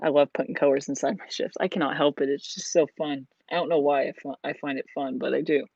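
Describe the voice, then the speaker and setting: A vlogger talks through a build in a loose, rambling way, full of "like" and "you know." The voice sits at a middling pitch. The sound is dull and lo-fi. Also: fairly even intonation, quick pace, vocal fry, darkish tone, husky, no echo. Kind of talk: casual chat while building.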